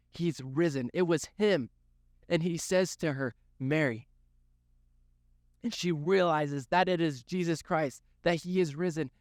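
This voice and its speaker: A man's voice: high voice, darkish tone, dry recording, studio quality. A man giving a youth sermon, telling the story earnestly, with lots of repetition for emphasis. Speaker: youth pastor.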